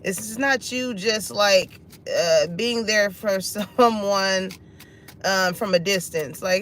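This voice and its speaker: A woman's voice: mid-range voice, slow, fairly bright tone, a little hiss or hum. A woman giving a casual tarot reading, laughing often and swearing freely. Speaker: tarot reader.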